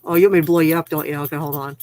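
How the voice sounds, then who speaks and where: A woman's voice: sits low, fairly even intonation, racing, a little mellow, faint music behind. A woman hosting a casual livestream, chatting loosely, reading viewer comments aloud and laughing easily. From Canada. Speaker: livestream host.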